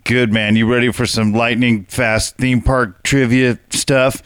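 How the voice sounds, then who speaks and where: A man's voice: mid-range voice, little pitch movement, unhurried, fairly bright tone, clean tone, dry recording. A man hosting a comedy podcast in a loose, slangy way, reading out joke quiz questions with playful emphasis. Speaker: podcast host.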